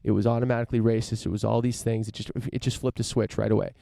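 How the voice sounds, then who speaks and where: A man's voice: fairly low pitch, level tone, rapid-fire, gravelly, mellow, no room sound, studio quality. A podcast host from the United States, a man riffing through a casual opinion monologue, rambling with lots of fillers, restarts and casual swearing.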